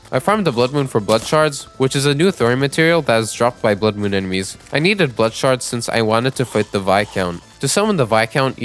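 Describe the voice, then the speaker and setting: A young gaming YouTuber with a lowish voice narrates his let's play as a voice-over, talking to his chat and joking at his own expense. He's excitable, turning loud and pleading, even shouting, during boss fights.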